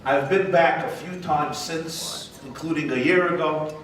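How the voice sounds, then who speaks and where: A man, a rabbi, giving a humorous, animated speech at a gala dinner in a large banquet hall. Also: a little high, a little slow. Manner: joke-telling, animated. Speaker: guest speaker, rabbi. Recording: echoey banquet hall from far off, noisy.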